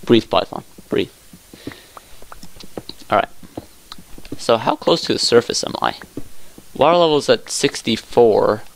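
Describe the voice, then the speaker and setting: A young man casually commenting on his own gameplay, talking to himself and his viewers, saying y'all a lot, with excited outbursts. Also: medium pitch, measured pace, gravelly, pauses often, a little hiss or hum. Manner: says y'all often. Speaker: let's play gamer.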